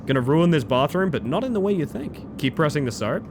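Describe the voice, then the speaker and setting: A man, chatting excitedly as he streams a game live. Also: a little high, a little fast, background noise. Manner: excitable, chatty, bursts into loud exclamations. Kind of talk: live gameplay commentary.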